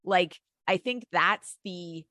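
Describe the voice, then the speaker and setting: A woman's voice: lowish voice, takes it slowly, bright, forceful tone, no echo, clean studio sound. A woman co-hosting a casual chat about reality TV, blunt and swearing freely. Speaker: podcast co-host.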